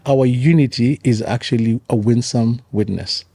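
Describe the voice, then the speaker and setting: A man's voice: medium pitch, normal speed, creaky, mellow, breathy edge, no room sound. A man, a pastor and author telling stories as a podcast guest and repeating key phrases for emphasis. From Kenya. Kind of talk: conversational storytelling.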